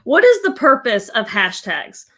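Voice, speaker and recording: A woman co-hosting a casual live marketing chat, chatty and quick to laugh. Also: on the high side, big pitch swings, sharp tone. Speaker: co-host. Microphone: desk mic with a gain knob.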